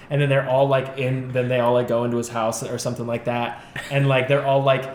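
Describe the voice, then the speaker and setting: A young man co-hosting a podcast, laid-back and sweary, throwing in quick reactions. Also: medium pitch, flat delivery, darkish tone. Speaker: podcast co-host. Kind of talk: casual chat. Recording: roomy echo, faint background noise.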